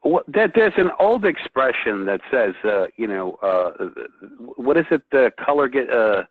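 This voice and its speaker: A man speaking as a guest painter in a casual chat, excitable and often restarting his sentences. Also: mid-range voice, moderate pace, dry recording. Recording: tinny phone-like line, dry.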